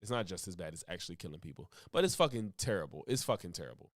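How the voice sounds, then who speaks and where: A man's voice: sits low, big pitch swings, very fast, dry recording, clean studio sound. A man co-hosting a casual chat, blunt and profane, cutting in with short remarks.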